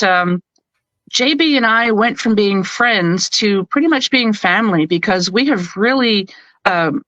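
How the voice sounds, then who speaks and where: A Canadian woman, an audiobook narrator, chatting as an interview guest and telling stories in a lively, animated way. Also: medium pitch, no echo, rough recording. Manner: chatty, animated storyteller who acts out quotes. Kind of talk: casual interview chat.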